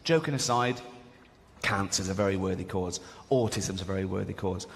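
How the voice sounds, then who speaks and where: A man's voice: sits low, moderate pace, gravelly. A middle-aged English man with a mocking, conversational manner, delivering a stand-up routine with frequent stammered restarts. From England. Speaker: stand-up comedian. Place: large theatre stage. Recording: live hall with loud crowd. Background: loud audience laughter.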